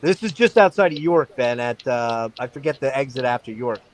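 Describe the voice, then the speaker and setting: A middle-aged man hosting a stream, telling a wild story in a casual, animated and profane way. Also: mid-range voice, a little fast, low-quality recording. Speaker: stream host.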